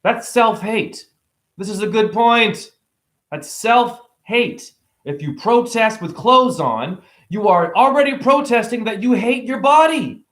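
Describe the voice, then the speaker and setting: A man with a high voice that leaps all over its range rants through a rambling spiritual monologue to camera. He preaches, jokes and swears casually. He keeps exclaiming as he talks. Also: moderate pace, few pauses. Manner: animated, preachy, joking, exclaiming. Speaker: spiritual vlogger.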